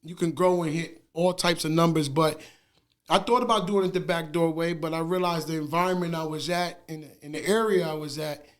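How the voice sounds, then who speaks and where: Casual male podcast guest with a high voice, lively and quick to laugh. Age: adult with wife and two sons. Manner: animated, laughing storyteller with slang fillers. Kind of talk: casual interview chat.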